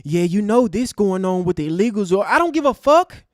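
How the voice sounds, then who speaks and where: A man's voice: sits high, very animated, a little fast, dry recording, studio quality. A man hosting an online show, delivering a fiery, preachy rant to his live chat. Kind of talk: impassioned livestream rant.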